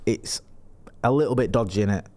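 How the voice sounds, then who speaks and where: A man's voice: lowish voice, fairly quick, a little mellow. A man co-hosting a casual comedic advice podcast, laughing often and reading out listener questions. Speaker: podcast co-host.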